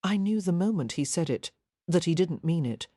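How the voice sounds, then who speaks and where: A woman's voice: fairly low pitch, expressive, moderate pace, warm tone, dry recording, clean studio sound. A woman voicing a practical, frank young Victorian matron in an audiobook. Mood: reasoning.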